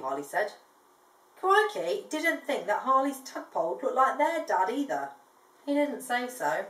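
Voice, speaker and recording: Woman, storybook reading, gentle asides, roomy, far from mic. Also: on the high side, very animated, a little slow, a little hiss or hum. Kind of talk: bedtime story reading to a child. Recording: echoey room, distant mic.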